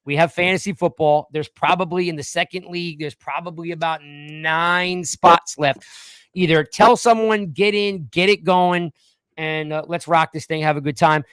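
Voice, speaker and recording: Man in his forties, podcast host, rambling, joking, a fairly high voice, dry close sound. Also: moderate pace, a bit bright, smooth, no room sound. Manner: rambling, joking, restarts often. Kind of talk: casual live-stream chat.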